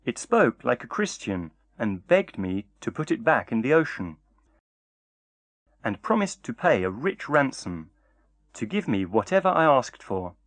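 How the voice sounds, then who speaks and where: A man's voice: medium pitch, very animated, unhurried, dry recording, clean studio sound. A man voicing a humble, timid old fisherman in a storybook, speaking meekly and politely. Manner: meek and polite.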